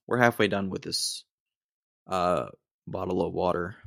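A low-voiced American man rambles through a solo podcast rant. He digresses often and sounds mock-exasperated. The sound is dry and close, with no room around him. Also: steady tone, unhurried, creaky, long pauses, fairly bright tone, no room sound. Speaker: podcast host.

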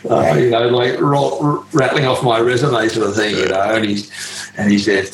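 A man's voice: medium pitch, level tone, normal speed. A middle-aged Australian man, a former pro cyclist, telling stories casually with lots of fillers and mild swearing. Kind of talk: casual anecdotal storytelling. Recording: roomy echo, faint ambient noise.

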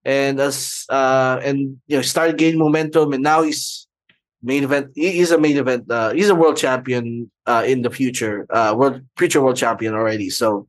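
A man's voice: mid-range voice, steady tone, moderate pace, dry recording. A man with a Filipino accent co-hosting a podcast, rambling through his thoughts with many fillers and Tagalog mixed into English. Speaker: podcast co-host. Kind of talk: casual podcast chat.

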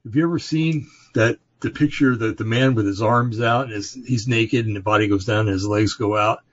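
Low husky man reading scripture. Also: steady tone. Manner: halting, with many fillers and self-corrections. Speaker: podcast host. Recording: dry, dull lo-fi recording.

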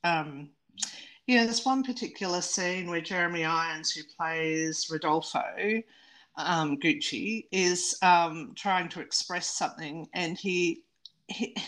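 A woman's voice: on the low side, slow pace, fairly bright tone. A woman co-hosting a podcast, giving frank, opinionated film criticism in casual chat. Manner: opinionated, critical, laughs easily. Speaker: podcast co-host.

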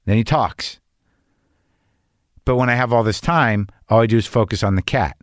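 A man's voice: fairly low pitch, moderate pace, pauses often, dry recording, studio quality. An older man hosting a podcast, riffing in a neurotic, rambling, profane comedic monologue. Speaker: podcast host. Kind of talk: comedic monologue and casual conversation.

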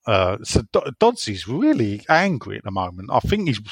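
A man's voice: on the low side, huge pitch swings, moderate pace, husky, dry recording, clean studio sound. A man hosting a casual football podcast, chatting in a rambling, opinionated way and reading out listener messages.

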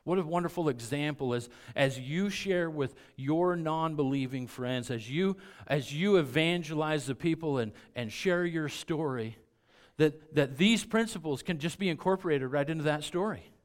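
A middle-aged man preaching a sermon as pastor, emphatic and fond of repeating key phrases, often dropping to a quiet, intense delivery. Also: fairly high pitch, moderate pace.

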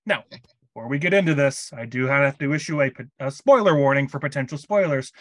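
A man's voice: mid-range voice, brisk, dry recording. A man hosting a casual movie review podcast, joking and upbeat, pushing his co-host for more energy.

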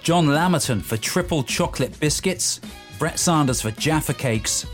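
A man's voice: on the high side, lively intonation, normal speed, faint music behind. A man co-hosting a casual podcast awards segment, chuckling easily as he presents. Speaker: podcast co-host. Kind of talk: casual awards-show chat.

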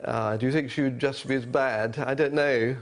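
A man's voice: mid-range voice, steady tone, moderate pace. A man, a professor appearing as a guest in a political interview, answering in a hesitant, wry way with frequent "um" restarts.

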